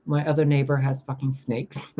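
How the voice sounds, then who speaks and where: A woman telling stories on her vlog in a casual, animated way, swearing freely and laughing as she talks. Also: very deep voice, normal speed. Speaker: vlogger. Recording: dull lo-fi recording.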